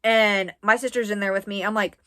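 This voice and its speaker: A young woman from the US East Coast tells a story from her own life to camera. She talks casually and rambles, filling her sentences with "like" and breaking off into quick asides. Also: medium pitch, steady tone, sharp tone. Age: 20s. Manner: chatty, rambling with frequent "like". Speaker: vlogger.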